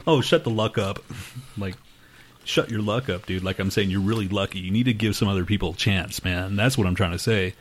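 A man's voice: low voice, fairly even intonation, a little fast. A man hosting a podcast in casual chat, crude and joking, swearing often and laughing a lot. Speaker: podcast host.

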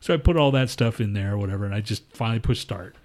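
A man's voice: on the low side, racing. A man on a podcast rambling through a crude, profane story in casual chat. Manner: rambling, profane, animated retelling. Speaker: podcast co-host.

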